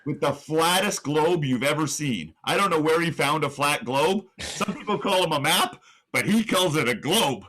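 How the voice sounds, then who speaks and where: With an animated, fairly bright, somewhat high voice at moderate pace, a young man co-hosting a podcast tells an imagined match play by play. Sudden vocal rises build the hype.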